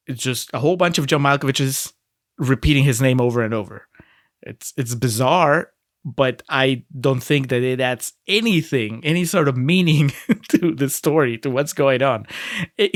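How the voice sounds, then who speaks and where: A man talks through a film on a casual podcast, mid-pitched and easygoing. He wanders through his points, laughing and restarting his sentences often. The sound is close and dry, with no room around it. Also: moderate pace, no echo. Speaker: podcast co-host.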